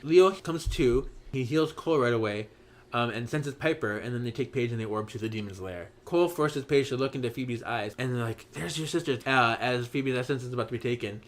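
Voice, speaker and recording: Male podcast host, middle pitch, lively storyteller who jumps into character voices. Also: fairly quick. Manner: animated, acts out characters' lines in raised voices. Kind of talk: casual chat, recapping a story.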